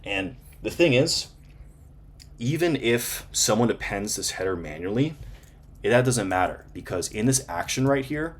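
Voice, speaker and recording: A man's voice: on the low side, animated, measured pace, slightly rough. A man hosting a programming tutorial, casually talking through code on screen and often checking in with "right?". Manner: casual, fillers and repeated "right?" tags. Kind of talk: screen-share coding walkthrough.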